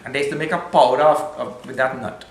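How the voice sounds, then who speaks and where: A man gives a conversational spiritual discourse, using Sanskrit terms and gentle humor. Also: mid-range voice, steady tone, fast talker, gravelly, reverberant, rough recording. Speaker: spiritual teacher.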